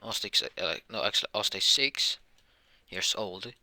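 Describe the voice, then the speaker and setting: Low-voiced guy making up a fan story as he goes, keeps correcting himself, super dry close sound. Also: normal speed, pushed and bright, dry recording. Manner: rambling, frequent self-corrections. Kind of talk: improvised fan-fiction narration.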